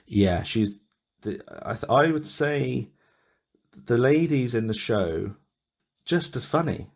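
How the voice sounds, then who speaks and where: A man's voice: mid-range voice, animated, slow, gravelly. A man hosting a podcast, chatting casually and rambling with many restarts and small laughs. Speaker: podcast host. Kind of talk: casual chat.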